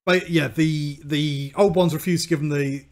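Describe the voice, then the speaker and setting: A man's voice: on the high side, steady tone, moderate pace. A man co-hosting a podcast in casual chat, chiming in with corrections and explanations. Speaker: podcast co-host.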